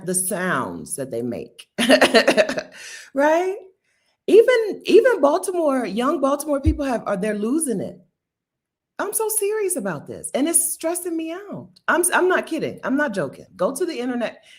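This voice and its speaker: Host, woman in her fifties from Delaware; emphatic casual commentary, lively swooping pitch, laughs often. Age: 50s.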